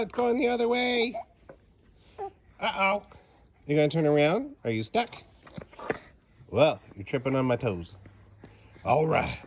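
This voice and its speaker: A father filming his baby outdoors on a patio and cheering the child on with animated, sing-song baby talk. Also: medium pitch, a little hiss or hum. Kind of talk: home video baby talk.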